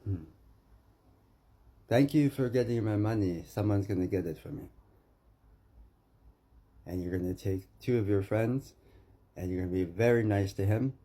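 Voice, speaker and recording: Canadian guy ranting at the camera, low rough voice, cussing and accusing nonstop. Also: normal speed, long pauses, dark tone. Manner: agitated, accusing, repeats names. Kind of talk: angry profane rant to camera.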